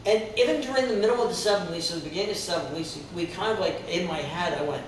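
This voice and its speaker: An older man with a slightly high voice tells a rambling story full of restarts and fillers. He sounds a little distant from the mic, in a very echoey room with faint background noise. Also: quick pace. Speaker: guest songwriter and guitarist. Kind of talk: casual chat, storytelling.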